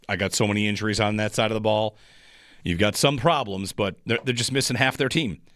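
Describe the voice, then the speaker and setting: Male sports radio host, mid pitch, dry studio sound, rambling frustrated analysis. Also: a bit bright, dry recording. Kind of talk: sports talk radio monologue.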